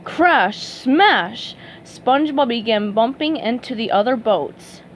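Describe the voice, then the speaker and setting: A woman reading a children's storybook aloud with an expressive delivery. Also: a little high, slow pace, slight background noise. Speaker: reader.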